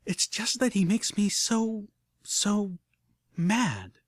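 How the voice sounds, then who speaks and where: A man's voice: medium pitch, very animated, quick pace, a little mellow, no echo. A man voicing a dramatic young female pony who sounds emotional and exasperated.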